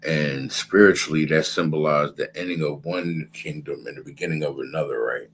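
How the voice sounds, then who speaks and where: Very deep-voiced man teaching scripture. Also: fairly even intonation, normal speed, a bit bright, slight background noise, low-quality recording. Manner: repetitive, conversational, keeps asking "you understand?". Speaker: religious class teacher. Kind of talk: casual scripture lecture.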